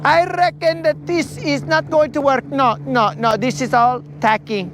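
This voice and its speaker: A man putting on a fussy, flamboyant male wedding planner with a Southern accent, high and theatrical. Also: fairly even intonation, a little slow, fairly bright tone, a little hiss or hum. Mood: fussy, dramatic. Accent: Southern US, put on.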